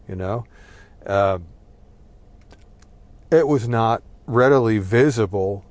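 A man's voice: on the low side, darkish tone. A middle-aged man from New Jersey telling a long, casual, rambling story, swearing freely and checking in with "right?" as he goes. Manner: rambling, profane, with frequent "right?" and "uh". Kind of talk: casual spoken monologue.

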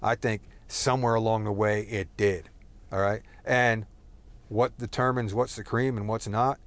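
A man's voice: fairly low pitch, fairly even intonation, normal speed. A man talking in a casual, rambling monologue, thinking aloud and giving his opinions.

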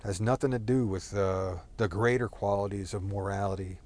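Rambling, opinionated man with a low voice. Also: fairly even intonation, moderate pace, darkish tone. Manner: rambling, opinionated, thinking aloud. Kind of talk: casual monologue.

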